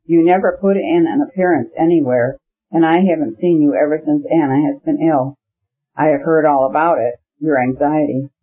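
A man reading the part of a fashionable, ironic society princess in an audiobook, with a smooth, knowing manner. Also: low-pitched, normal speed. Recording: dull lo-fi audiobook recording.

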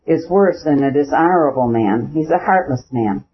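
A man's voice: a little high, lively intonation, moderate pace, lightly acted. A man reading an audiobook, voicing a proud, jealous young noblewoman who pleads and accuses bitterly, on a dull lo-fi recording. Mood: desperate.

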